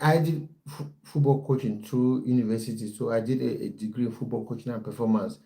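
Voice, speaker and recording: A young man hosts a relaxed football livestream, talking to his viewers in a warm, mellow voice. He chats loosely, breaks off often and restarts his sentences, and reads out their comments as they arrive. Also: medium pitch. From based in the United Kingdom. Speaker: football coach and livestream host. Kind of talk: casual livestream chat with viewers.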